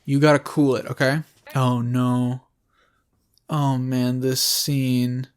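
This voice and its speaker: A young man giving excitable, profane reaction commentary while watching a film. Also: medium pitch, takes it slowly, clear, resonant tone. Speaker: movie reviewer.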